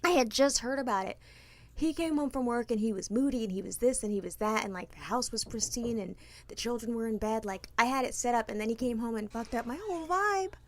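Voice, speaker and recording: A woman's voice: fairly high pitch, animated, fairly quick. A woman in her thirties, a podcast co-host telling a story in casual chat, blunt and profane, breaking into hard laughter.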